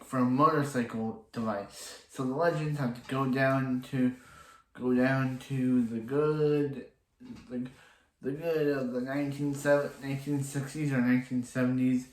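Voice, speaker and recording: A man's voice: medium pitch, roomy sound, low-quality recording. A man casually recapping a TV episode, rambling and restarting his sentences often as he quotes the characters in passing. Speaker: TV episode reviewer.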